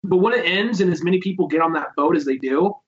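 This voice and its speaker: Dude on a podcast asking stuff, kinda high voice, bit muffled audio. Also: male voice, quick pace. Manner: questioning, chatty. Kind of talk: casual podcast chat.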